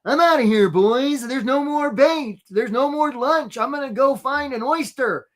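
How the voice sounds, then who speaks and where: Cast a man as a cocky cartoonish crab, swaggering drawl, pitched well up from his own voice. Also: measured pace. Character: brash male crab, cocky and restless.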